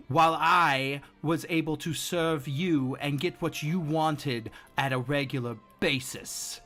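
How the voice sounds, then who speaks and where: A man's voice: a little high, fairly bright tone, voice pushed up, heavily acted. A man voicing a betrayed woman who runs a circus, speaking in a raised, indignant voice.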